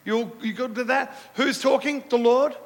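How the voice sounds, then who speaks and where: High-voiced male pastor in a reverberant hall. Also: steady tone, moderate pace. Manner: call-and-response with the congregation; repetitive, emphatic preaching. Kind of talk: sermon. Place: church hall. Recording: echoey church hall with long reverb.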